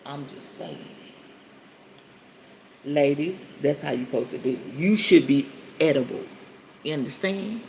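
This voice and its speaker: Laughing, candid woman with a gravelly voice. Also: low voice, lively intonation, unhurried, long pauses, background noise. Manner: candid, laughing, talks straight to listeners as y'all. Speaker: podcast host and women's counselor. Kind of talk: casual storytelling monologue.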